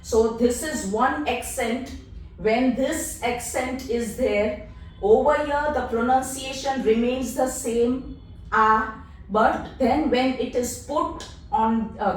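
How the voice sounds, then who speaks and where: A woman language teacher patiently explaining letters and sounds in a slow, deliberate lesson. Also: fairly high pitch, recorded from a distance. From India. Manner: patient, spells out letters one at a time. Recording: echoey room, voice off-mic.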